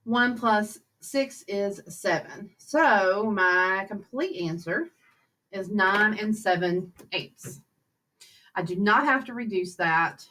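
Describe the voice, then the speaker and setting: A woman's voice: mid-range voice, slow pace, pushed and bright. Woman, teacher, friendly chatty lesson voice, talks through math steps aloud. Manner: chatty, upbeat, talks to kids while working problems aloud. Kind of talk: recorded math lesson over slides.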